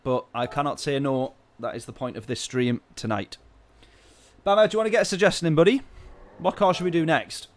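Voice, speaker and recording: A man streaming a racing game, telling a story in a ranting, exasperated way with sudden loud outbursts. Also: a little high, a little fast. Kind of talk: casual live-stream chat.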